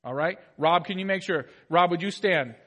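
Animated bright-voiced male pastor preaching. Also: high voice, moderate pace. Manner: animated, swings from soft asides to loud exhortation. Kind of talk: sermon. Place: church sanctuary.

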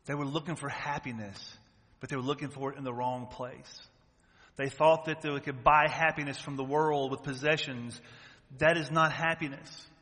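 Forceful preaching man in a reverberant hall. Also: medium pitch, steady tone, normal speed. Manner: emphatic preaching with rhetorical questions. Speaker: pastor. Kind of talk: sermon. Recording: long church-hall reverb.

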